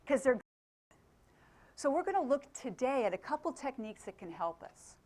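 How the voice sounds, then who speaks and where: A woman's voice: high-pitched, sing-song, moderate pace, a little mellow. A middle-aged woman from England giving a motivational talk to a live audience. She keeps asking the crowd questions and laughs often. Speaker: motivational speaker.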